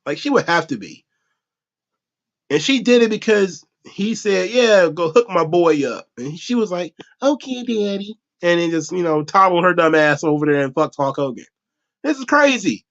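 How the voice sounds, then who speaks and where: A man with a high, lively voice rants his way through a comedic podcast, swearing freely, bursting into laughter and slipping into mock voices. His pitch leaps around constantly. The sound is muffled and lo-fi. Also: moderate pace. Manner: animated, profane, laughs often, acts out voices. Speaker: podcast host. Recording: dull lo-fi audio.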